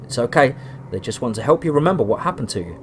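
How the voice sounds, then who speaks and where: A man voicing a kind female nurse who speaks softly and hushes a frightened patient. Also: medium pitch, animated, fast, slight background noise, lightly acted. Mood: soothing. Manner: soft and hushing.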